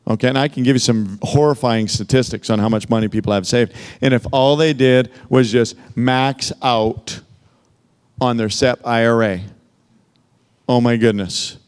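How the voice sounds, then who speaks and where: A man's voice: mid-range voice, normal speed, clean tone. A man giving a motivational sales training, emphatic and full of rhetorical questions, speaking into a handheld microphone. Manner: emphatic, peppered with rhetorical "okay?" and "right?".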